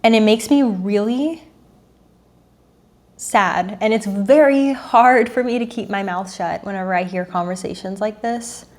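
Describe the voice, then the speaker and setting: A woman's voice: mid-range voice, a little slow. A woman in her thirties, a dating coach, talking earnestly and emotionally to camera, repeating herself and sighing.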